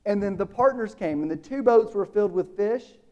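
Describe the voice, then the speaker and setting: A man preaching a sermon, casual and animated, acting out the dialogue in the story. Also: high voice, fairly quick, dull audio.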